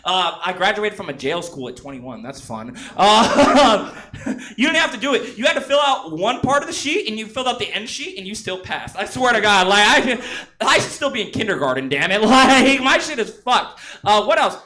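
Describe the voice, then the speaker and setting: Young male comic from San Jose, high bright voice, crude and rambling, self-deprecating club stand-up. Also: sing-song, moderate pace. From San Jose, California. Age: 20s. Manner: crude, rambling, self-mocking with frequent swearing. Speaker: stand-up comedian. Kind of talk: stand-up comedy set. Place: comedy club stage.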